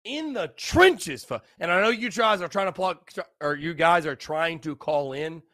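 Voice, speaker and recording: A man's voice: fairly high pitch, moderate pace, sharp tone, no echo, clean studio sound. A young man hosting a casual solo podcast, tipsy, rambling and repeating himself. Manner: rambling, repetitive, loose and tipsy. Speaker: podcast host.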